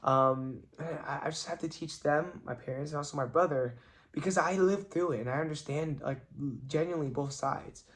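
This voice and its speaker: A man's voice: a little high, moderate pace. A young man vlogging, telling a family story in an earnest, reflective way and filling his talk with "like". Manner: chatty, many "like" fillers, earnest and reflective. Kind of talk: casual storytelling vlog.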